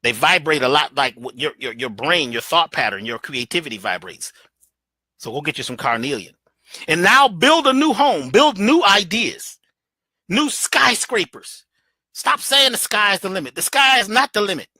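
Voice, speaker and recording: A man holding forth in an animated motivational talk, emphatic and preachy, swinging his pitch all over. His tone is bright and forward, and the recording is close and dry with no room sound. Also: normal speed, no echo. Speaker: guest speaker.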